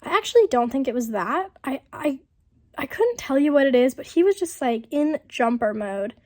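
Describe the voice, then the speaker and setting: A young woman narrating a casual vlog voiceover, chatty and rambling with lots of fillers, her voice rough from a lingering illness. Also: sits high, expressive, moderate pace, a little mellow. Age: young adult. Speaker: vlogger. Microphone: voiceover mic.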